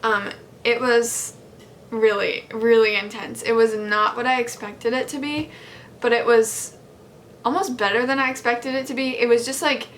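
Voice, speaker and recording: A woman's voice: on the high side, fairly bright tone, slight background noise. A young woman vlogger telling a personal story in a casual, candid way, with lots of likes and ums.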